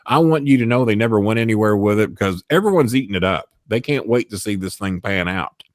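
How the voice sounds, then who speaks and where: Man, low voice, swearing storyteller, acts out quotes, dry close sound. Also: animated, quick pace, no echo. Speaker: storyteller guest. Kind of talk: profane backstage storytelling.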